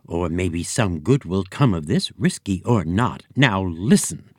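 A man's voice: low voice, animated, unhurried, a little mellow, no echo, clean studio sound. A man voicing a grand female elephant who talks in a fluty, drawling society lady's voice. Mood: hushed. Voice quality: fluty, cooing.

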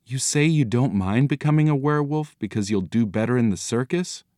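Man reading as a tired sighing mom, soft and low-key, dry close sound. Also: animated, fairly quick, dry recording, natural voice. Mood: rueful. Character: weary middle-aged mother, regretful.

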